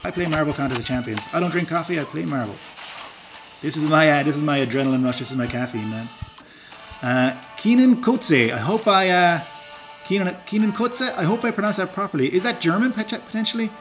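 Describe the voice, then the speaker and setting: A man's voice: a little high, a little fast, a bit bright, soft background music. A man with a rural Irish accent, chatting casually on a live stream while playing a game, rambling with fillers and chuckling at himself. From Ireland. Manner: rambling and self-deprecating, with filler words and chuckles.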